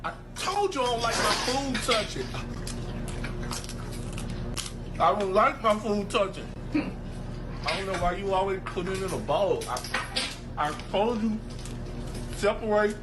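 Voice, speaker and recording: A man's voice: high voice, expressive, moderate pace, background noise. A man voicing a sassy, grumbling male pet dog in an internet video, full of indignant street-talking banter. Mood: fussy, complaining. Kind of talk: internet animal voice-over video.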